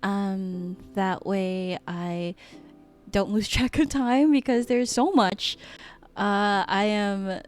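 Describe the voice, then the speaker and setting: A woman streaming live as a VTuber, chatting with her viewers in a giggly, gushing way and hesitating with many soft ums. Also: mid-range voice, takes it slowly. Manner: giggly and gushing, often laughing. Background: faint background music.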